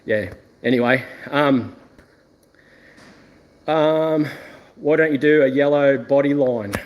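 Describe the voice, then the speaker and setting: A man's voice: mid-range voice, takes it slowly. Blunt rambling Australian man. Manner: blunt, rambling, swears freely. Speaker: vlogger and car yard owner. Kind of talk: casual rambling chat to viewers.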